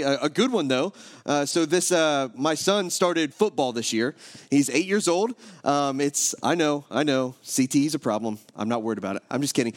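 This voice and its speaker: A man in his thirties preaching, praying and then telling a joking personal story with many restarts. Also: a little high. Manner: joking, self-interrupting storyteller. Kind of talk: sermon with prayer and personal story.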